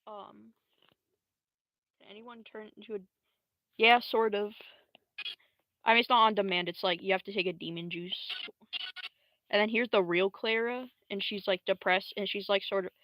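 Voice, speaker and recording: A young woman livestreams in a bright, sharp tone, rambling through slang and swear words. She breaks into squeaky high voices now and then to quote her characters. The sound is dry and close. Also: moderate pace, pauses often, no room sound, poor audio. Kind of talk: casual live-stream commentary.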